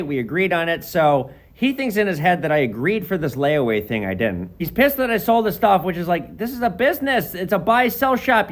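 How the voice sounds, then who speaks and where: A young adult man who runs a shop, telling a story to camera in a quick, emphatic way and acting out what people said. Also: a little high. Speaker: shop owner and video creator. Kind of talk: storytelling vlog monologue.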